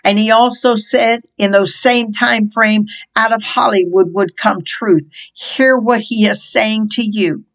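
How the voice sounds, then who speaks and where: A middle-aged woman preaching a fervent prophetic sermon, quoting scripture in a slow, impassioned cadence. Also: on the high side, steady tone, poor audio.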